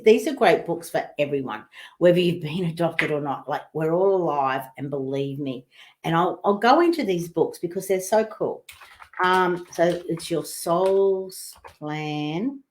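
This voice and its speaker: A woman's voice: low voice, expressive, moderate pace. A woman hosting a live online talk, chatting loosely and reading out viewer comments, rambling with fillers and restarts. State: coughing and sneezing at times.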